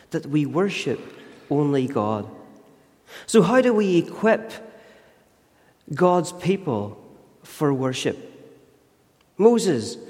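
A man's voice: on the high side, a little mellow. A man preaching a sermon, telling a story earnestly and emphatically. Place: church. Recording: long church reverb.

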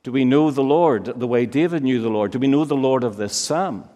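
A man preaching a sermon, slow and emphatic, with many searching rhetorical questions. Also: mid-range voice, mellow. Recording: long reverb of a large hall.

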